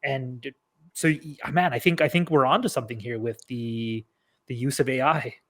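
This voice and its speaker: A man in casual chat about a movie trailer, relaxed, laughing easily and swearing now and then. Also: medium pitch, normal speed. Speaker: podcast guest.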